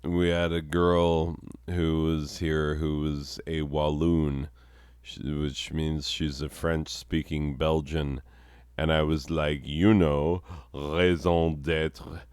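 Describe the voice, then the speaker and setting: A man hosting a comedy show, ranting and swearing constantly in a deadpan monologue. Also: rumbling low, takes it slowly, clean tone, no room sound, studio quality.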